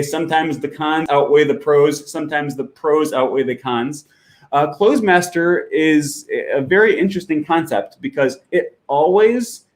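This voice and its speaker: A man hosting a language-learning channel, explaining in a relaxed, chatty way with fillers and self-corrections while he clicks through an app. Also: fairly high pitch. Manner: walks through an app on screen while talking. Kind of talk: casual explanatory talk.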